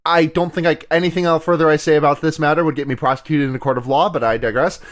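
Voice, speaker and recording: Man, podcast co-host, somewhat high voice, casual, jokey, rambling asides, restarts mid-sentence. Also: fairly even intonation, racing. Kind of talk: casual chat recapping an anime.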